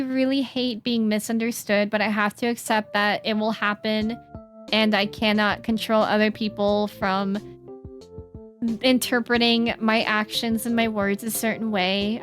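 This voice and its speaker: A young woman streaming, chatting with her viewers in an earnest way and breaking into playful silly noises. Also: mid-range voice. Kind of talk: casual chat with stream chat. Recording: faint music behind the voice.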